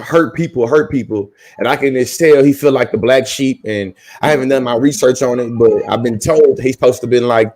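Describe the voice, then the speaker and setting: A man's voice: mid-range voice, a little mellow. A man around thirty co-hosting a casual podcast chat. His speech is slangy and profane, and he rambles through restarts. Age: 30s. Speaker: podcast co-host.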